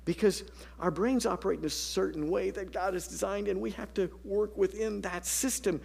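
A man's voice: high-pitched, steady tone, moderate pace, creaky, a little mellow, breathy edge. A man preaching a sermon as pastor, telling stories and dropping to a whisper for emphasis. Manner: storytelling, dynamic, drops to a whisper for emphasis.

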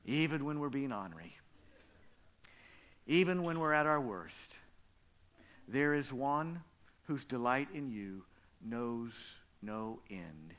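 A man preaching a sermon as pastor, telling stories and dropping from loud emphasis to hushed whispers. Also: mid-range voice, very animated, takes it slowly, long pauses. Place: church.

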